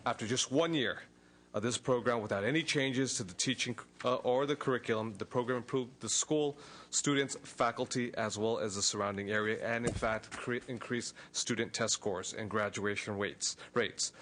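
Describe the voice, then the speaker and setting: An out-of-breath man presents a bill to a committee in earnest, formal testimony, restarting his sentences as he goes. His voice sits mid-pitch for a man. Faint room noise hangs behind him in the hearing room. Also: normal speed, fairly bright tone. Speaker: state assemblyman presenting a bill.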